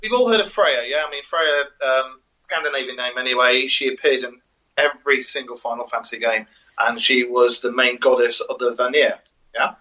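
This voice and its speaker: A man's voice: medium pitch, moderate pace, bright, forceful tone. A man co-hosting a casual podcast, reading out notes with many ums and joking asides. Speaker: co-host. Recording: muffled lo-fi audio.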